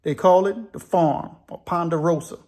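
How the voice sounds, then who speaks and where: A man's voice: high voice, fairly even intonation, moderate pace, a little mellow, natural voice. A man voicing an older white convict in his sixties, blunt and teasing as he trades jokes with an old friend. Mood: joking. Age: 60s. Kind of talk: storytelling with put-on voices.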